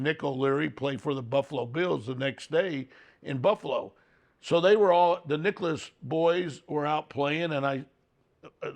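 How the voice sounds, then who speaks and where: A man's voice: fairly high pitch, gravelly. A man hosting a podcast, telling an anecdote with enthusiasm in a casual way. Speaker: podcast host. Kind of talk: casual storytelling.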